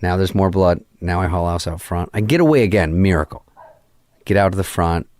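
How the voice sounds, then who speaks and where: Male podcast guest, very low voice, dry close mic, casual deadpan storyteller who swears freely. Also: fairly quick, no echo. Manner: profane, deadpan anecdote acting out quoted dialogue. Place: podcast studio. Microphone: studio microphone.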